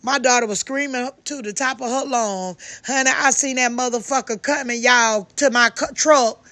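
An older woman from Georgia tells her story in a loud, heated rush, swearing and stumbling over her words. Her voice sits fairly high. It is recorded dry and close, with no room sound. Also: normal speed, no room sound. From Georgia, United States. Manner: loud, heated, profane, many restarts. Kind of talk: angry first-person account.

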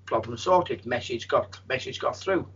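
A medium with a husky voice, telling a story in a rambling way, with many restarts. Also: male voice, mid-range voice, animated, moderate pace, fairly bright tone, dull audio. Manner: rambling, frequent restarts and fillers. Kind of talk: storytelling in an interview.

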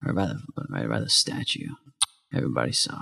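A man's voice: extremely low pitch, sing-song, brisk, creaky, sharp tone, breathy edge. A man co-hosting a comedy podcast, chatting casually in a laid-back way, swearing and telling anecdotes. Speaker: podcast co-host. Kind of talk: casual chat.

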